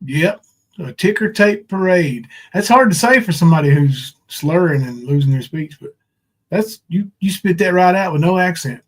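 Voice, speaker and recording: High-voiced mocking livestream host. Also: male voice, animated, moderate pace. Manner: mocking, profane, taunting. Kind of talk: casual livestream chat.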